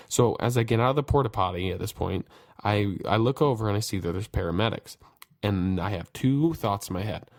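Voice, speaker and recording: A man's voice: fairly low pitch, a little mellow, no room sound, clean studio sound. A young man hosting a podcast, telling a personal story in a candid, profane way and acting out his own panicked thoughts. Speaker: podcast host. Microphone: podcast mic.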